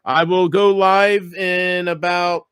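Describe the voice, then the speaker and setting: A man vlogging a bitter, taunting rant straight to camera, swinging from loud outbursts to low mutters. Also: level tone, slow, clear, resonant tone, no room sound, clean studio sound. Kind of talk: ranting monologue to camera.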